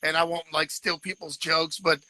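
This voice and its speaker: A man from Georgia, hosting a casual live-stream chat, rambling fast and laughing often. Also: a little high, flat delivery, sharp tone, no room sound, rough recording. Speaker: podcast host.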